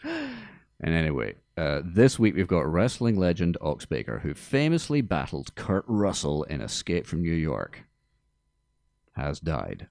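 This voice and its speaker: Deep gravelly podcast host with dry humor. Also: male voice, a little slow, dry recording. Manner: dry, deadpan joking. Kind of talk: casual podcast chat. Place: studio.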